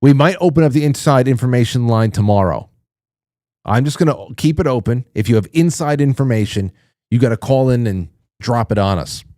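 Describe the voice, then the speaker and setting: A man's voice: mid-range voice, expressive, fairly quick, dark tone, dry recording, studio quality. A middle-aged man hosting a talk show, chatting loosely and profanely, joking and reading listener comments. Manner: loose, profane, joking, mock-prim voices.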